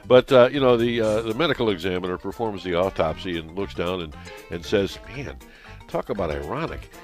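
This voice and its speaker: A man's voice: sits low, lively intonation, fairly quick, soft background music. A man co-hosting a radio show, telling jokes with hesitant fillers and laughing along. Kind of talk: joke-telling radio banter. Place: radio studio.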